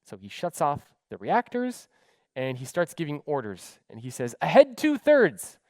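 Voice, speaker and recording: A man speaks on stage in an animated storytelling style, his pitch swinging widely. His voice is dry and close, with no room echo at all. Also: moderate pace. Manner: animated, dramatic storyteller who acts out dialogue. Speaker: keynote speaker. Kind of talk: storytelling keynote talk.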